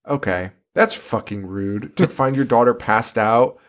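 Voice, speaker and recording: A man's voice: mid-range voice, measured pace. A man hosting a podcast, chatting casually about a movie, swearing a lot, laughing often and acting out scenes in silly voices. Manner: profane, laughing, acts out characters in silly voices. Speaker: podcast host. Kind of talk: casual movie-review chat.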